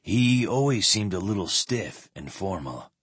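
A man reads as a grave, worried squire in a storybook reading, his voice dropped low and quiet. The tone is husky and breathy, close and dry with no room around it. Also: sing-song, unhurried, dry recording, full character voice.

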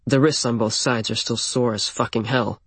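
A man narrates a first-person story, plain and intimate, at a middle pitch. His voice is a touch husky and sits dry and close to the mic. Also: steady tone, moderate pace, a bit bright, no echo.

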